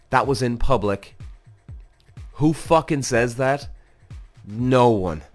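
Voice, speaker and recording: A man hosting a podcast, reacting to a motorsport documentary in a casual, animated way, swearing freely and speaking straight to his listeners. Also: medium pitch. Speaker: podcast host, former racing driver.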